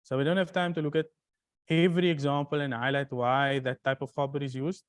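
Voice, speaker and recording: A teacher lecturing a class on grammar, with a medium-pitched voice that sits right in the middle of the range. They keep turning to the students with questions and restart their phrases as they go. Now and then they rattle off short Arabic verses quickly before slowing back down to explain. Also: flat delivery, clean tone.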